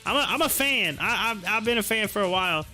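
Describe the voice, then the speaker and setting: A man's voice: high voice, lively intonation, fast, sharp tone, faint music behind. A man hosting a live stream from home, chatting casually and telling a story with frequent laughs and restarts.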